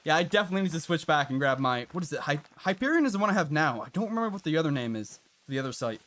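A man streaming a hunting game live, chatting to viewers and reacting out loud to what happens on screen. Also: fairly high pitch, lively intonation, very fast. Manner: chatty, reacts loudly with laughs and gasps. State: out of breath at times. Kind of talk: live gameplay commentary.

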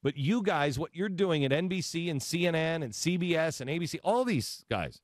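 A man hosting a talk show, speaking in a sarcastic, animated way into a studio mic. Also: on the high side, brisk, no room sound. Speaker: host. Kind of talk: talk radio commentary.

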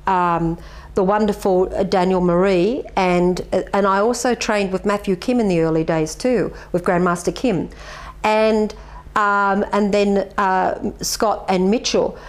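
A woman's voice: mid-range voice, a little slow. Lady, middle aged, chatty and earnest, telling stories in an interview, voice sits in the middle. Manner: earnest, animated storyteller. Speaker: martial arts master being interviewed. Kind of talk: reflective interview answers.

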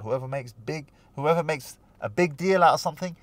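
A man's voice: fairly high pitch, fairly quick, dry recording. A man, hosting a casual advice vlog in a playful, slangy way and acting out little quoted voices as he tells a story. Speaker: relationship advice host.

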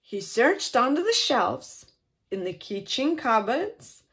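Her voice fairly high, a woman reads a children's picture book to a storytime audience, her delivery sing-song and expressive and broken by dramatic pauses.

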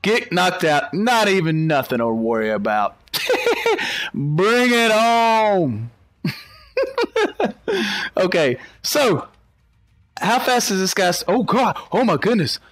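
A young man giving excited gameplay commentary, talking to the creatures on screen and to his viewers, and laughing often. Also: high voice, normal speed. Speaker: gaming YouTuber.

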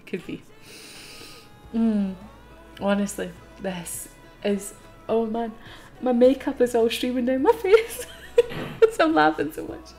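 A young Scottish woman streaming a game live, chatty and excitable and laughing often as she talks to her viewers. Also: mid-range voice, vocal fry.

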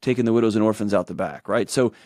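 A man's voice: lowish voice, fast talker, a little mellow, no echo, clean studio sound. A man in his forties with a drawl, a guest telling personal stories earnestly in an interview and acting out what others said. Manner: earnest storytelling, acts out quotes in shifting voices. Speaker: guest, author and show host. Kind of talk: candid conversational interview talk.

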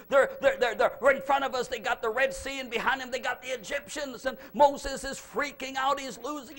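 A man preaching a revival sermon as pastor, who swings from loud, fervent preaching to low, confiding talk. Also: lively intonation, moderate pace, hardly any pauses. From United States.

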